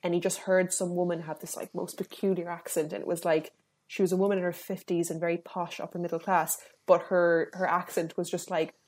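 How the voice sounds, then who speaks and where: A woman's voice: on the low side, little pitch movement, fairly quick, a little mellow. A woman co-hosting a podcast, chatty and rambling, swearing casually. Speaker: podcast co-host.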